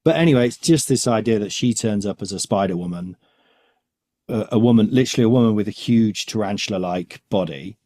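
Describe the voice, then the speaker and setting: A man co-hosts a casual, comedic podcast chat in a lowish, mellow voice. He rambles, trails off and laughs often as he goes. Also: fairly quick. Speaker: podcast co-host.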